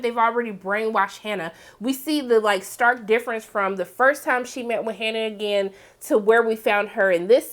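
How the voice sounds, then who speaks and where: A woman hosting a casual TV recap, chatty and animated, full of "like" and "um" fillers. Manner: chatty, heavy use of "like" and "um"; animated, breaks into excited high exclamations. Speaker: TV series review host.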